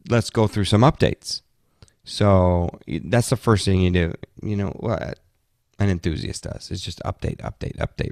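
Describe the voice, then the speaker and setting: A man's voice: deep voice, a little mellow, no echo, studio quality. A tired man chatting casually about his gadgets as a podcast host, rambling with frequent restarts. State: tired, yawning. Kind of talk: casual tech talk.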